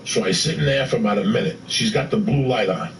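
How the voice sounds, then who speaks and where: A man telling a story with profane, excitable energy, acting out what people said. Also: medium pitch, fast talker, a little hiss or hum. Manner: profane, excitable, acts out quotes. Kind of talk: animated storytelling. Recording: roomy echo from a distant mic.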